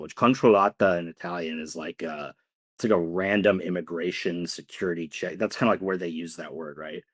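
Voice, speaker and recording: A man's voice: sits low, fairly even intonation, brisk, slightly rough. A man co-hosting a podcast, telling a long story casually with many fillers. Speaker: podcast co-host.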